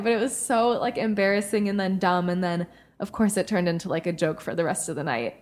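A woman's voice: on the low side, a little fast, darkish tone. A young woman co-hosting a podcast, telling a story in a rambling, casual way, full of "like" fillers and the odd swear. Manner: chatty, frequent "like" fillers, swears. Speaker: podcast co-host.

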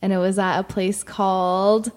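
A woman's voice: mid-range voice, level tone, normal speed, a little mellow. A woman co-hosting a podcast, telling everyday stories in a chatty way with lots of fillers. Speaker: podcast co-host. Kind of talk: casual chat.

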